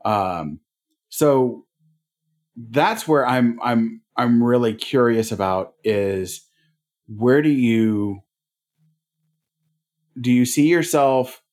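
A man's voice: medium pitch, expressive, very slow, long pauses, darkish tone. Man, podcast co-host, casual chat, rambling, filler-heavy. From family ties to North Dakota. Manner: rambling, many "like" fillers, laughs easily.

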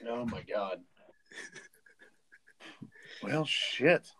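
A man's voice: mid-range voice, lively intonation, very slow, sharp tone, no echo. A man chatting on a podcast in short remarks, giggling at the others. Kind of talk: casual podcast chat.

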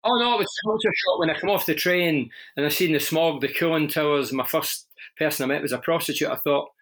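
Glaswegian man, lively storyteller, fairly high. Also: fast. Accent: Glaswegian Scottish. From Scotland. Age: middle-aged. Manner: candid, storytelling, frequent restarts. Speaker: interview guest, former footballer and radio presenter. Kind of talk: conversational interview.

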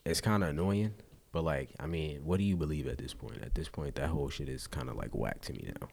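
A man's voice: very deep voice, a little fast, creaky, darkish tone, husky. A man hosting a podcast, talking loosely and animatedly in casual chat, with casual swearing. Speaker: podcast host.

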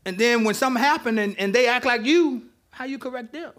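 A man preaching a lively, conversational sermon to a congregation, joking with the crowd as he teaches. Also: very high-pitched, fairly quick. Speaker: pastor. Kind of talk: interactive sermon. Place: church with live congregation.

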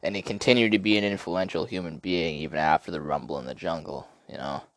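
A man hosting a podcast, telling stories in a rambling, profane, excitable way. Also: low voice, fast talker, dry recording. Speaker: podcast host. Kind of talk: casual podcast storytelling.

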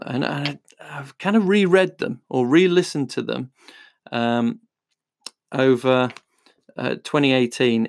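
A man's voice: mid-range voice, gravelly, no room sound, clean studio sound. A man talking casually as a podcast host, recommending books in a chatty, rambling way with lots of fillers. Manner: chatty, rambling with fillers, reads blurbs aloud. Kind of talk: casual book-recommendation talk.

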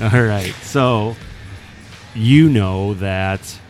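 Male podcast host, lowish voice, lively storyteller who acts out what others said, faint music bed. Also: moderate pace. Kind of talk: casual storytelling chat.

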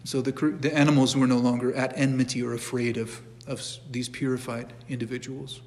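Middle-aged male church teacher, relaxed and conversational, frequent restarts, recorded with long hall echo. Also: medium pitch, fairly quick. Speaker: catechism teacher. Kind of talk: informal church class lecture.

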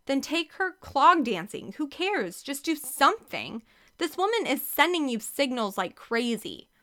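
A woman voicing Carrie, a bossy, no-nonsense woman who talks in a brisk, scolding way. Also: sits high, big pitch swings, fairly bright tone, pitched above the performer's own voice, exaggerated voice.

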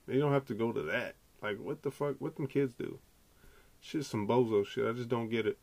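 A man hosting a podcast, delivering an animated, profane, slangy casual rant. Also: mid-range voice, normal speed, vocal fry, no room sound. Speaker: podcast host.

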